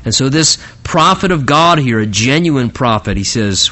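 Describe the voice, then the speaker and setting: A man's voice: medium pitch, lively intonation, moderate pace, pushed and bright. A man preaching a conversational sermon, often stammering and restarting his phrases. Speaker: pastor. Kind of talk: sermon, Bible teaching.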